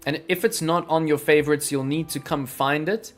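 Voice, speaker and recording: Faint music plays behind a man hosting a live crypto trading stream, his voice a little high with a steady tone and moderate pace. He talks energetically about the charts and responds to chat.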